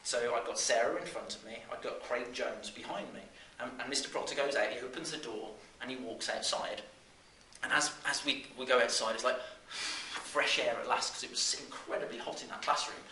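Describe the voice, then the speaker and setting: Animated man telling a story on stage. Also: medium pitch, a little fast. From West Midlands, England. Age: 30s. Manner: animated, with frequent fillers and restarts. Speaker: business speaker. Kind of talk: storytelling talk to a live audience. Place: seminar room. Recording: roomy live room, distant mic, faint noise.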